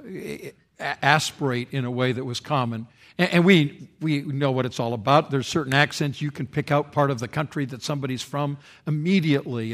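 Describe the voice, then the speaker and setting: A man preaching a sermon, swinging between loud dramatic quotes and quiet, solemn passages. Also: fairly high pitch. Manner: expressive preaching, rising loud for quoted speech and dropping soft for solemn lines. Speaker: pastor.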